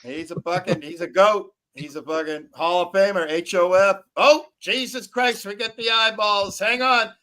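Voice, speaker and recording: A man's voice: high-pitched, moderate pace, hardly any pauses, sharp tone. A man hosting a crude, casual live stream, teasing and rambling with profanity. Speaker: stream host.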